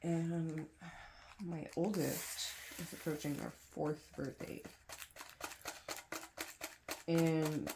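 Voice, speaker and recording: A young woman, a crafting vlogger, chats casually at home while sorting craft supplies, with kids in another room. Her low voice stays level and extremely slow with long pauses against background noise, and she rambles, pokes fun at herself, and uses lots of fillers.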